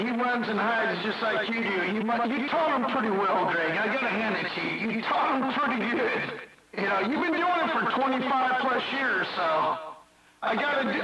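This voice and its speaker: A man's voice: high voice, highs cut off. A man mocking and taunting another operator in CB radio banter, repeating his jabs. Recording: far-off echoey noisy CB radio.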